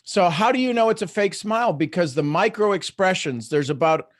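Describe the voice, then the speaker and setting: A man's voice: sits high, expressive, a little fast, dry recording, clean studio sound. A middle-aged man hosting a live online coaching talk, speaking earnestly with many restarts as he explains his points. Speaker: host.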